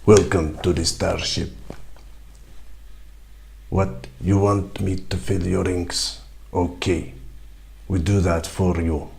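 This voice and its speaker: A sly starship crewman, as a man puts him on, low and gravelly as he bargains over a price. The tone is dark and unhurried. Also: little pitch movement, slight background noise, exaggerated voice. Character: sly male starship ink-filler.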